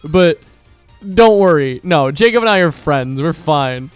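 Young male let's-play co-host, high lively voice, excitable rambler, faint music bed. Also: measured pace, clean tone, no room sound. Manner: excitable, rambling, joking, swears often. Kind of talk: casual gaming chat.

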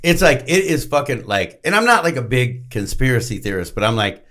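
A male podcast host talks in casual chat with a lively, swinging pitch. He is blunt and emphatic, and his swearing is steady and unguarded. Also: brisk.

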